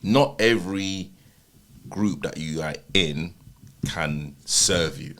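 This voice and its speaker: A man co-hosting a podcast, giving earnest, measured advice in a casual chat. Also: low voice, fairly bright tone. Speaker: podcast co-host.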